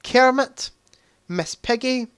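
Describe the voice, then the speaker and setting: Young guy chatting through a christmas quiz on stream, smooth clear voice, dry close mic. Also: extremely high pitch, slow pace, fairly bright tone, dry recording. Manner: chatty, reads quiz options aloud, joking asides. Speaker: livestream host. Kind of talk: casual livestream quiz chat.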